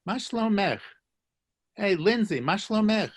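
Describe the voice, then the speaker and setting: Guy teaching a language lesson on a video call, kinda high voice, jokes around and cheers ppl on. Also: lively intonation, fast. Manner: jokey, encouraging, repeats phrases. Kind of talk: live online language lesson.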